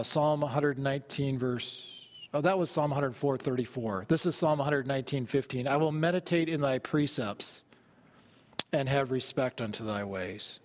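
Male pastor, slightly high voice, earnest sermon delivery, long hall reverb. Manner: earnest, repeats phrases while reading scripture aloud.

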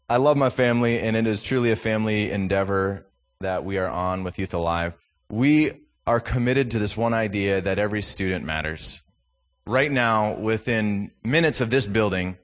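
Joking church speaker from Minnesota. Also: male voice, on the low side. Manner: joking, self-deprecating, then fervent. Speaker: guest speaker from a youth ministry. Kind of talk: sermon with family stories.

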